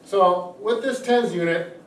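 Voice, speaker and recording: A man with a slightly raised voice talks a viewer through a home treatment device in a plain, step-by-step way, pausing on fillers as he goes. He sits back from the mic in a roomy, echoing space. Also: high-pitched, a little hiss or hum. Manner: plain-spoken, explains step by step with frequent fillers. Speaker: physical therapist host. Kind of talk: casual product demonstration. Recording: echoey room, mic at a distance.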